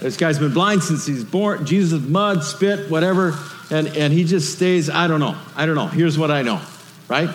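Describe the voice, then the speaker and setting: A man preaching a sermon in a lively, conversational way, full of rhetorical questions. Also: a little high, normal speed, big-room sound, slight background noise. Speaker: pastor.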